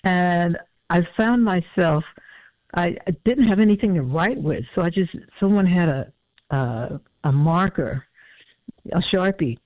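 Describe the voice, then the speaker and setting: A man in his fifties, a musician talking as a guest in a casual interview, reflective and halting with many fillers. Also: high-pitched, no echo. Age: 50s. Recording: dull lo-fi audio.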